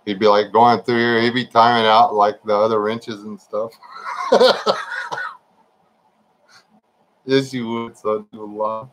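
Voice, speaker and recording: A man's voice: lowish voice, slow pace, pauses often, rough recording. Laid-back man chatting on a livestream. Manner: laid-back, joking, chatting to viewers by name. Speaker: livestream host. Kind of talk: casual livestream chat with viewers.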